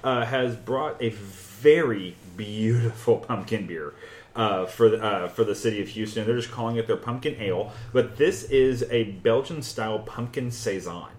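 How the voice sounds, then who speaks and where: Rambling, geeky low-voiced man in an echoey room. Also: normal speed, a little mellow. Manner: rambling, many "uh" fillers, enthusiastic and geeky. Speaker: podcast co-host, beer expert. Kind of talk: casual chat.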